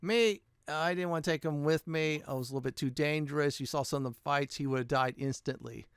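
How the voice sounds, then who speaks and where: Brief: male let's-play host with a smooth, clear, slightly high voice, chatty and thinking aloud, dry close mic. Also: brisk, no echo. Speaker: gaming channel host.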